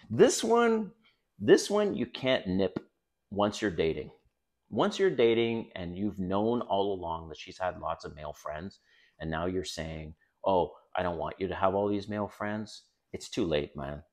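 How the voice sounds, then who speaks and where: Here a middle-aged man with a deep voice gives dating advice on video, speaking straight to the camera in a blunt, relaxed way. He swears occasionally and refers to his viewers as guys.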